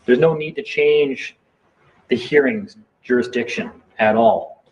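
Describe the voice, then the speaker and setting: A man's voice: mid-range voice, a little slow. A man telling a heated, defiant story in a casual late-night chat, swearing freely. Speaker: live stream participant. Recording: dull lo-fi sound with faint noise.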